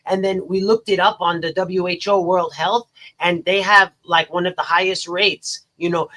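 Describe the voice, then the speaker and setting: An American man chatting casually as a podcast host, telling stories in an animated, exclaiming way. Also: high voice, moderate pace. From United States.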